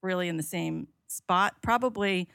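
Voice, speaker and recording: A woman's voice: lowish voice, moderate pace, vocal fry, a bit bright, dry recording, studio quality. A woman from the Philadelphia area, chatting on a podcast and explaining local places in a matter-of-fact, teasing way. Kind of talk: casual chat.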